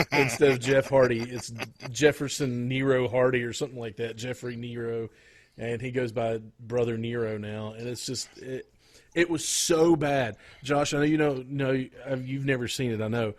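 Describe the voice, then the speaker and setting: A man chatting on a podcast in a mid-range voice, neither high nor low. He rambles through his stories with plenty of pauses, restarts and searching for words. The tone stays loose and conversational throughout. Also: fairly even intonation. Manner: rambling, lots of fillers and restarts. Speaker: podcast co-host. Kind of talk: casual chat.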